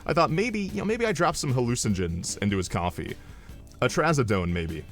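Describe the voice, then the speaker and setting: A male streamer telling a comedic story in a rambling, animated way with deadpan asides. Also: medium pitch, a little fast, soft background music.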